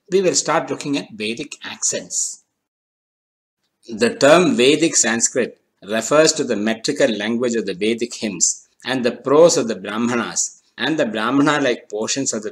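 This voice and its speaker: Man narrating a measured language lesson. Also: medium pitch, low-quality recording. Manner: measured, deliberate delivery, slowing on key terms. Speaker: language teacher.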